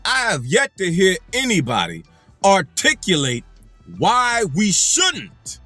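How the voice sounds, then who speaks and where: A man's voice: high-pitched, wildly swooping pitch, slow pace, bright, forceful tone, no echo, faint music behind. A man delivering an angry, profane commentary rant, hammering his points with repetition. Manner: angry, emphatic, heavy profanity, repeats phrases for emphasis. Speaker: commentary channel host.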